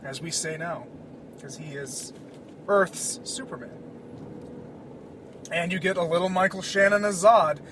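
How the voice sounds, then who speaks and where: A man hosting a casual solo podcast, rambling in an excitable, profane way. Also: high voice, a little slow, pauses often, background noise. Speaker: podcast host.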